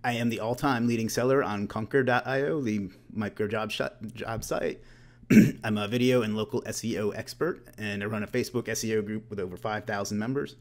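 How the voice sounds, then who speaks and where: Man in his late thirties, webinar host: brisk, lowish voice, casual and self-mocking. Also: steady tone. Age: late 30s. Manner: joking, self-deprecating asides; loose and conversational, with restarts.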